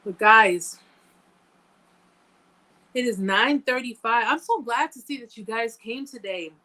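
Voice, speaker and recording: A woman's voice: fairly high pitch, measured pace, sharp tone, rough recording. A woman hosting a live chat, talking casually and emphatically to viewers, repeating phrases for effect and thanking them by name. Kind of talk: casual livestream talk to viewers.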